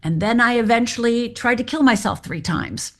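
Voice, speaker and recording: A woman's voice: fairly high pitch, moderate pace. A middle-aged woman from Upper Michigan, a guest on an interview show, telling her life story in a candid, direct and wry way.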